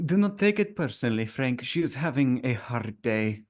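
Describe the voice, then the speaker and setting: A man voicing a calm, formal male companion, speaking in a measured and courteous way. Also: mid-range voice, natural voice.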